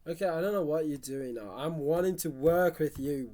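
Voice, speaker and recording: A music producer chatting casually on a live stream, talking to themself and the chat and humming basslines while working. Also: animated, moderate pace, hardly any pauses, warm tone. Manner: chatty, talks to self and chat, hums basslines.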